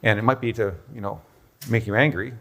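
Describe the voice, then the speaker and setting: A man's voice: lowish voice, steady tone, brisk, pushed and bright. A man explaining a health topic on stage, lecturing and thinking aloud, often checking in with "okay?". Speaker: doctor presenting a health protocol. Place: busy room with a live audience.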